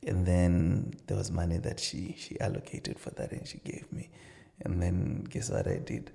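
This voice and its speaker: A middle-aged man talks through marriage advice in a relaxed podcast conversation. His voice sits low with a heavy gravelly fry and a dark, mellow tone. He tells stories earnestly and acts out both sides of the dialogue. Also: normal speed. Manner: earnest storytelling with many "you know" asides, acting out dialogue. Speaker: marriage counsellor and pastor, podcast guest. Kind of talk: casual advice-giving conversation.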